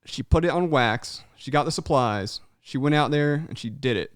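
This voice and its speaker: A man's voice: mid-range voice, normal speed, dry recording, clean studio sound. A young man hosting a podcast, chatting casually and animatedly, swearing freely and calling everyone "man.". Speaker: podcast host. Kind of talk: casual chat.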